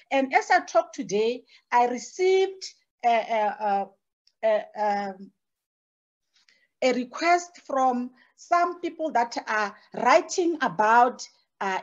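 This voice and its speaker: A high-pitched woman speaks slowly on a panel discussion, working through her points with frequent pauses and restarts. The sound is dull and lo-fi, as over a video call. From Botswana. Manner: measured, hesitant with many fillers and restarts. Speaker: panelist, evaluation scholar. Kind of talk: panel talk.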